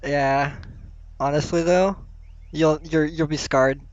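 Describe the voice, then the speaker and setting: Giggly young-sounding caster, dull lo-fi mic. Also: male voice, a little high, fairly even intonation, slow pace, dry recording. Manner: playful, giggly, self-mocking. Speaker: esports tournament caster. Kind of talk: casual live-stream commentary.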